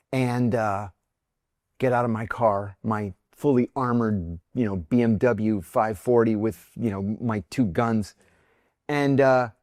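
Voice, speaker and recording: A man's voice: medium pitch, dry recording, clean studio sound. Middle-aged man telling a story. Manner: animated storyteller acting out quoted voices. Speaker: former intelligence officer guest. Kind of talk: storytelling in a podcast interview.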